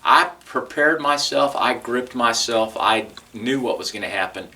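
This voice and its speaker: A man's voice: mid-range voice, a little slow, pushed and bright, distant mic. A man with a Texan accent, recounting his experiences in an oral history interview, telling it conversationally and acting out what people said. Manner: conversational storytelling with restarts, acting out quoted dialogue.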